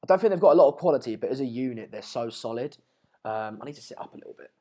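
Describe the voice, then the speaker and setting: A young man, hosting a casual live match watch-along, reading out viewer comments in a chatty, rambling way and sounding slightly hoarse. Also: medium pitch, expressive, racing, dark tone. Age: late teens. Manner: chatty, rambling, restarts mid-sentence, calls viewers mate and pal. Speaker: live stream host.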